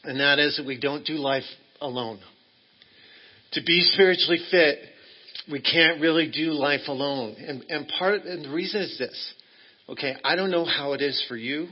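A man's voice: fairly high pitch, moderate pace, husky, dull audio. A man preaching as a guest in a church, friendly and joking, talking in a loose, rambling way, living in Texas. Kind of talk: sermon.

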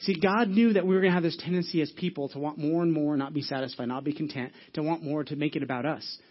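A man preaching a sermon at a fast clip, voice a little higher than most. He tells his story with frequent restarts and quick acted asides. The audio is dull and lo-fi. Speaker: pastor.

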